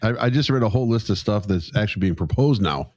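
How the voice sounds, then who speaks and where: Male co-host, low and lively, sarcastic ribbing. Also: fast, no echo, studio quality. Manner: teasing, incredulous. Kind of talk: casual comedic banter.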